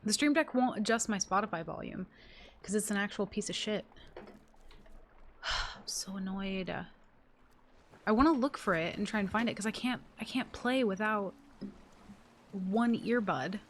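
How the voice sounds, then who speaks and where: Casual woman streamer at a home desk, mid-pitched, rambling, frustrated, foul-mouthed. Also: unhurried, long pauses, a little hiss or hum. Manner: exasperated, rambling, swears a lot. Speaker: live streamer. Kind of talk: casual live-stream chat. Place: home room at her desk.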